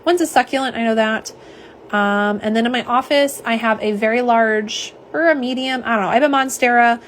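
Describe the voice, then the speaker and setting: A woman's voice: a little high, a little fast, a little hiss or hum. Chatty woman live-streaming swatches. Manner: chatty and warm, lots of fillers and asides. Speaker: nail polish swatcher. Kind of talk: live-stream chat, reading viewer comments. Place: home office.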